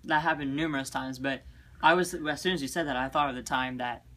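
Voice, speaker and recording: A man's voice: mid-range voice, fairly even intonation, brisk, sharp tone. Teasing young man co-host. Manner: joking, teasing. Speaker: guest co-host. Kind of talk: casual sibling chat.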